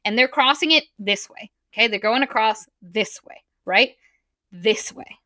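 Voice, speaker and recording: A woman's voice: fairly high pitch, unhurried, bright, forceful tone, no room sound, studio quality. A woman co-hosting a podcast, sarcastically retelling and mocking a novel in casual chat. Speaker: podcast co-host. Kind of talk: casual book-roast chat.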